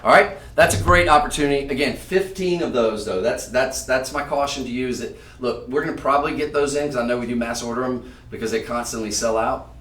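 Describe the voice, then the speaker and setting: A man hosting a live-stream jewelry sale, talking to viewers in a chatty, emphatic sales pitch. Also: fairly quick, fairly bright tone, reverberant, distant mic. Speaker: shopping channel host.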